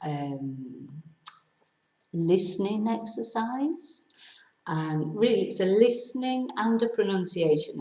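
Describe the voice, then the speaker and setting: A woman's voice: mid-range voice, a little mellow, reverberant, poor audio. A woman teaching a Spanish pronunciation lesson, spelling words out letter by letter and correcting herself as she goes. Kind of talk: language lesson.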